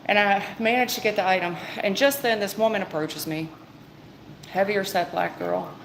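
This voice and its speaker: A woman's voice: mid-range voice, moderate pace, vocal fry, fairly bright tone, slight background noise, low-quality recording. A woman giving a live-stream tarot reading, talking in a rambling, conversational way with fillers and restarts. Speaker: tarot reader.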